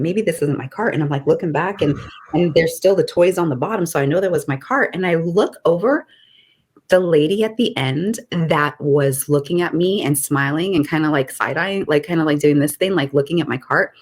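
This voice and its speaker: A middle-aged woman co-hosting a podcast, telling a story in a casual, animated way and often laughing. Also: fairly low pitch, brisk, slightly rough. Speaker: podcast co-host.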